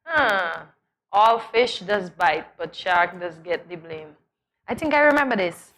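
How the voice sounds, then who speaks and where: A woman co-hosting a morning talk show, animated and exclaiming as she chats. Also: fairly low pitch. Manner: animated and exclaiming, quick to laugh. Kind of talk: casual studio banter. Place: TV studio.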